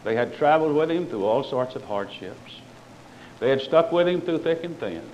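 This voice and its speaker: Fervent preacher man, wide-swinging pitch. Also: lively intonation, moderate pace, highs cut off, a little hiss or hum. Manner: fervent, swings between loud declarations and quiet asides; sarcastic toward other preachers. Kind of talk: sermon.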